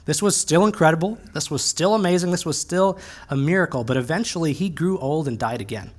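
A male pastor giving a conversational, earnest sermon, slowing down to stress key phrases. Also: a little high.

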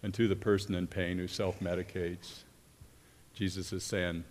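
A man preaches with a very deep, low-pitched voice that trails through the long reverb of a large church hall. He speaks earnestly and haltingly, often stopping partway and starting his sentences again. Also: steady tone, a little hiss or hum. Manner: earnest, halting with many restarts. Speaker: pastor or worship leader. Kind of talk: sermon.

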